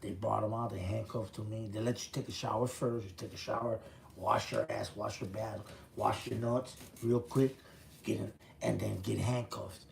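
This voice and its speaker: A man's voice: on the low side, steady tone, normal speed, gravelly, a little hiss or hum. A man in his fifties from the Chicago area, telling his own prison story in a blunt, profane, street-talk way. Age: 50s. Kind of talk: casual storytelling.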